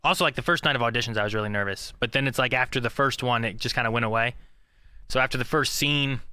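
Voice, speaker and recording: A man's voice: medium pitch, fast talker, pushed and bright, clear, resonant tone, dry recording. A man co-hosting a podcast in casual chat, rambling with many fillers and restarts. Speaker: podcast co-host.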